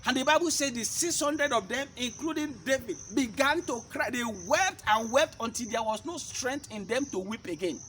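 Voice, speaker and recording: High, bright-voiced man preaching. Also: normal speed, few pauses, a little hiss or hum. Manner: asks rhetorical questions to listeners; emphatic, repeats key points. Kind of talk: sermon-style teaching.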